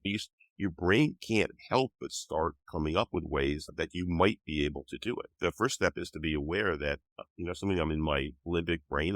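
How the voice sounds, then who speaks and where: A man's voice: extremely low pitch, fairly bright tone, no echo. An older man with a cold, patiently explaining ideas as a guest author in an interview. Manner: patient, teaching tone. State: has a cold.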